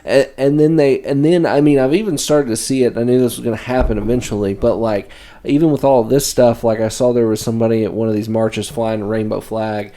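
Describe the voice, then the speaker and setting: Guy rambling on a podcast, lots of "like", mellow warm voice. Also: medium pitch, steady tone, brisk, hardly any pauses. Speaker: podcast co-host. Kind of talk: casual chat.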